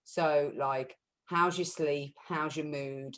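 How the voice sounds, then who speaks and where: A woman chatting casually as a wellness practitioner, telling lively stories and acting out what people said. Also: sits low, takes it slowly, low-quality recording. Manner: lively storyteller, acts out quotes; self-described shouty. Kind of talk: casual group chat.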